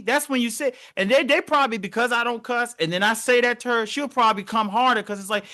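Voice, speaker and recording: A young man co-hosts a podcast in loose, animated conversation, acting out the people he quotes. His voice sits high and rings bright. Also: quick pace, hardly any pauses. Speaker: podcast co-host. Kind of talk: casual conversation.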